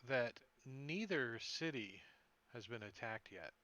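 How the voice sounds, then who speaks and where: A man running a tabletop game as game master, talking in a relaxed, rambling way on a voice call. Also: mid-range voice, takes it slowly. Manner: relaxed, rambling, loose fillers.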